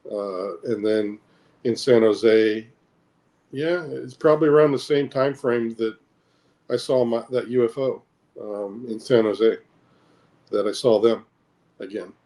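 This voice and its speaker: A man's voice: mid-range voice, measured pace, pauses often, a little mellow. A middle-aged American man, an interview guest, recounting personal experiences in a hesitant way, with repeated words and many fillers. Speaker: interview guest, military veteran.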